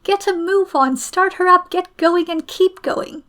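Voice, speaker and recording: A woman voicing an excitable, flustered young gentleman in a storybook reading, raising her voice high and loud for him. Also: moderate pace. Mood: urgent.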